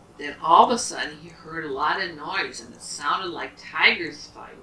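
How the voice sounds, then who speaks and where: Animated storytelling woman, lowish bright voice, echoey home room from a distance. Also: normal speed, hardly any pauses, a little hiss or hum. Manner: animated, asks the child questions. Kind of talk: telling a bedtime story to a child. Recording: roomy, from a distance.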